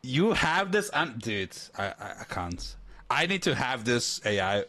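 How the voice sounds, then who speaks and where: A man's voice: mid-range voice, very animated, a little slow, pushed and bright, no echo. A man casually chatting and reacting as a streamer, rambling and laughing often.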